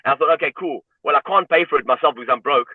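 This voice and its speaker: A man's voice: fairly high pitch, very fast, husky, no echo. A man from South Africa, a guest telling a personal story in a reflective way, often filling with "you know". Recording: tinny phone-like line, dry.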